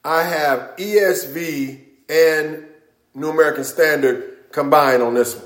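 A middle-aged man preaching a sermon as pastor, emphatic and calling out amens, rising at times to shouts. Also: fairly high pitch, slow. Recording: echoey room.

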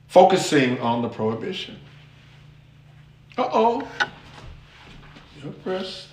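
Male preacher, high and lively voice, in a roomy hall. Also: slow, pauses often. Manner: animated, conversational, addresses listeners directly. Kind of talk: lively sermon.

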